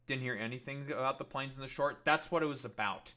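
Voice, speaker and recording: A man's voice: mid-range voice, fast, sharp tone. A man streaming live, ranting in a profane, combative and dismissive way, rambling with many fillers. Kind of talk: casual livestream rant.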